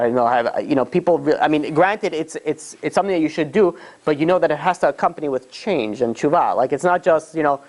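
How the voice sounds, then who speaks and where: A male rabbi telling a story in a relaxed sermon, full of fillers and restarts, with quick put-on voices for the people in it. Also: fairly high pitch. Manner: rambling, many fillers, acts out quoted voices.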